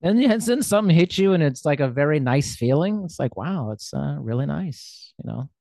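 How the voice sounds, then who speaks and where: A man's voice: fairly high pitch, animated, moderate pace, vocal fry, dark tone, dry recording, studio quality. A man hosting a casual interview, chatty and self-deprecating, with lots of fillers. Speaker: podcast host.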